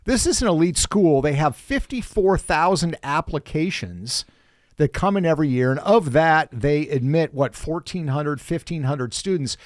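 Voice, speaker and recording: A man hosting a political podcast, talking in a brisk, conversational way with joking asides. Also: on the high side, expressive, no echo, studio quality. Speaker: podcast host.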